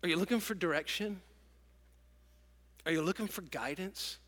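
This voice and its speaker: A middle-aged man preaching a sermon to a congregation, telling stories in an animated, emotional way. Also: high voice, moderate pace. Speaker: pastor. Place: large church auditorium with congregation. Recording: long church hall reverb.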